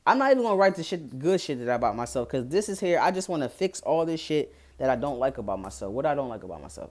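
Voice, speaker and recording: A young man with a Philadelphia accent talks straight to his viewers in a casual vlog. His voice sits at a middle pitch. He is frank and blunt and swears freely. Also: big pitch swings, fast, few pauses. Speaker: vlogger.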